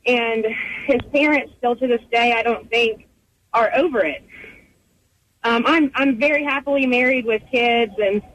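A woman's voice: fairly high pitch, a little slow, slight background noise, poor audio. Chatty woman calling in to radio. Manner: relaxed, chatty. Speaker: caller. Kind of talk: call-in chat.

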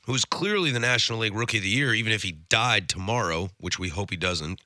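Low-voiced sarcastic radio host. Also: male voice, lively intonation, fast talker, pushed and bright, no echo. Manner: sarcastic, teasing. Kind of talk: casual sports radio banter. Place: radio studio. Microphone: studio mic.

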